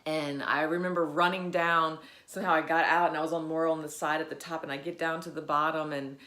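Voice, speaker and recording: Low-voiced woman in an echoey room. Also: flat delivery, sharp tone. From Virginia, USA. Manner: halting, many fillers, grows emotional. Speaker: vlogger. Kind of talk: personal faith reflection vlog.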